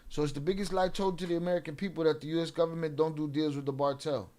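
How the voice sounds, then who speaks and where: A man's voice: on the high side, steady tone, fast, darkish tone. A young adult man hosting a livestream, ranting profanely at commenters and mixing in Spanish slang. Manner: profane, confrontational, talking back to chat. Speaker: livestream host. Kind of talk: casual livestream rant.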